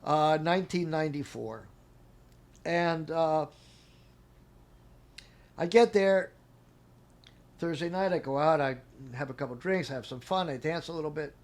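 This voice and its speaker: A man's voice: a little high, unhurried, long pauses. A middle-aged man telling a long personal story in casual talk, acting out what people said and laughing as he goes. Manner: animated, acts out quotes with laughs. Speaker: interview guest.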